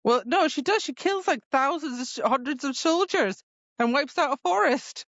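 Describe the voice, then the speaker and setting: A woman's voice: high-pitched, lively intonation, moderate pace, fairly bright tone, dry recording, highs cut off. A woman co-hosting a casual book podcast, laughing often and reading quotes with feeling. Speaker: podcast co-host.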